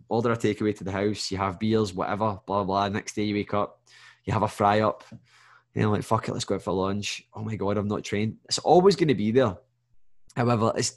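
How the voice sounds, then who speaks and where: A man, a fitness coach, giving advice in a rambling, conversational solo podcast monologue and often checking in with the listener. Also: fairly low pitch. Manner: rambling and conversational, with frequent "do you know what I mean"; direct, motivational advice.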